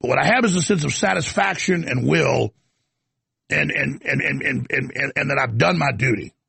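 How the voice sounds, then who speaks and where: Male show host with a husky, somewhat high voice, talking off the cuff in long, rambling stretches with stuttered restarts. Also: moderate pace, pushed and bright, dry recording. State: coughing, throat irritated. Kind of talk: off-the-cuff commentary monologue.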